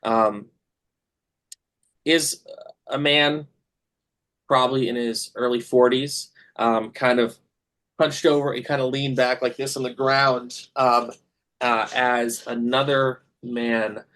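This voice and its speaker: A man's voice: medium pitch, steady tone, slow pace, long pauses, fairly bright tone. Man narrating as game master, filler-heavy. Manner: descriptive, with many fillers.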